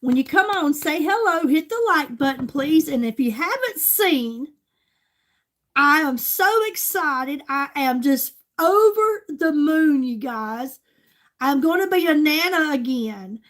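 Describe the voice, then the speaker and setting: A woman's voice: high voice, expressive, takes it slowly, fairly bright tone. An older woman, a grandmother chatting casually with her livestream viewers in a gushing way. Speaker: livestream host.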